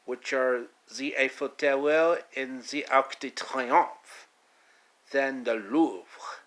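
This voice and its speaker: A man narrates a home-made story at an unhurried, slow pace in a mid-range voice. His tone is laid-back and casual, sprinkled with foreign phrases. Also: mid-range voice, fairly bright tone. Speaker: storyteller, channel host.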